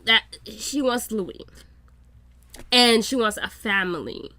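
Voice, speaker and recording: A woman giving casual reaction commentary on a show, excitable and swearing freely. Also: fairly high pitch, slow, dry recording. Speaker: reaction YouTuber.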